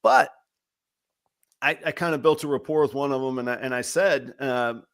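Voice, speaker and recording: A man's voice: medium pitch, moderate pace, a bit bright. A man hosting a podcast, telling candid, self-deprecating work stories and acting out the quotes in them. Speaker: podcast host. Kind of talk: casual chat.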